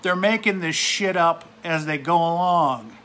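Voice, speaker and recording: A man's voice: fairly high pitch, unhurried, sharp tone. A man from the United States venting in an angry, profane, sarcastic rant to camera. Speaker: vlogger. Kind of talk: angry ranting monologue.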